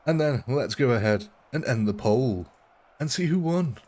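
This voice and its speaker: Chatty gaming streamer. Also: male voice, medium pitch, expressive, normal speed, a little mellow. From English Midlands. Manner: chatty, laughs often. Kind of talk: live gameplay commentary.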